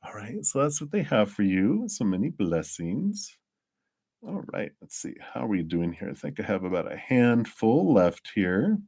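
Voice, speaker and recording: A man's voice: lowish voice, sing-song, normal speed, darkish tone, husky. A man doing live-streamed tarot readings, chatty, laughing often and acting out quoted voices. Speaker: tarot reader.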